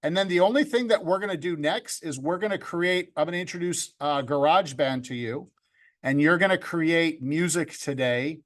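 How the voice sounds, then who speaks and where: A man's voice: fairly high pitch, normal speed, a bit bright. A man teaching a video-editing class over a video call, upbeat and joking, talking to students by name. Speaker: video club instructor. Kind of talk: online class instruction. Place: home room with green screen.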